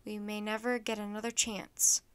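A woman reading aloud, voicing an earnest, wise elderly male statesman in a children's storybook with a measured, formal manner. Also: on the high side, fairly bright tone.

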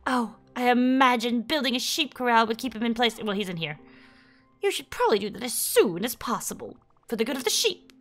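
A woman's voice: a little high, animated, fairly quick, pitched above the performer's own voice, lightly acted. A woman reading as a kindly old lady. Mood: fond. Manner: sweet, motherly reading of game dialogue. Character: kindly old woman passenger, gentle and chatty.

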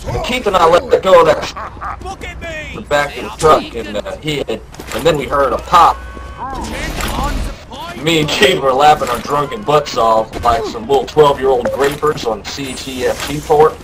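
A man voicing a rambling young Southern good-ol'-boy who drawls through a story and bursts into yelled quotes, over game voice chat. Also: mid-range voice, unhurried, lightly acted, low-quality recording. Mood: tall tale.

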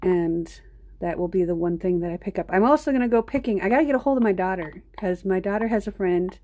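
Mellow-voiced chatty woman streaming live. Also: mid-range voice, quick pace. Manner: rambling, chatty, talks straight to viewers. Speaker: art live-stream host. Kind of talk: casual live-stream chat.

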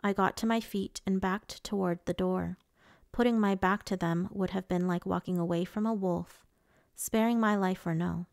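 Женщина, читающая аудиокнигу с хрипотцой. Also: female voice, mid-range voice, fairly even intonation, moderate pace, vocal fry, darkish tone, no room sound, clean studio sound. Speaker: audiobook narrator. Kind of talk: first-person audiobook narration.

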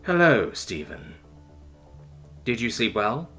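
A man's voice: mid-range voice, sing-song, slow, a bit bright, soft background music. A man voicing a wary male detainee who answers in a dry, sarcastic, guarded way. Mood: wry guarded.

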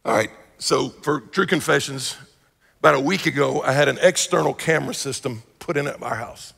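A man preaching a sermon as pastor, telling stories with lively acted-out quotes. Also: mid-range voice, normal speed, creaky, slightly rough. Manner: animated storytelling with acted-out quotes. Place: church sanctuary. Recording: live church hall reverb.

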